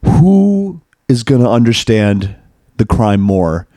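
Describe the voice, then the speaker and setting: A man co-hosting a podcast, chatting casually in a self-mocking, animated way with frequent laughter. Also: mid-range voice, slow, no room sound, clean studio sound. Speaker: podcast co-host. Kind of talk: casual chat.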